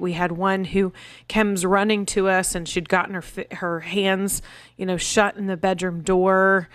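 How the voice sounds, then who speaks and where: A woman's voice: medium pitch, clean tone, no echo. Earnest mother, dry close sound. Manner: earnest, storytelling, acts out her kids' voices. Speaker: podcast co-host. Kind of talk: casual parenting discussion.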